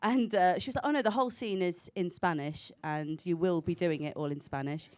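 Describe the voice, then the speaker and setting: Lower-voiced woman telling stories. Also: brisk, a little mellow, smooth. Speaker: actor. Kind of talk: panel chat.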